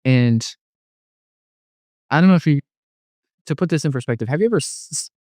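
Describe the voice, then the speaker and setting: A man's voice: fairly high pitch, expressive, normal speed, a little mellow, dry recording, clean studio sound. A man casually telling a personal testimony, rambling with many fillers and restarts. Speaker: guest telling a near-death story.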